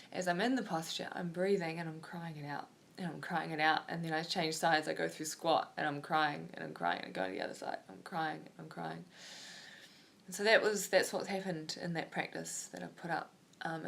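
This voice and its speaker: A woman's voice: fairly low pitch, a bit bright. A woman, a yoga teacher talking openly and reflectively in a personal vlog, wandering with many fillers.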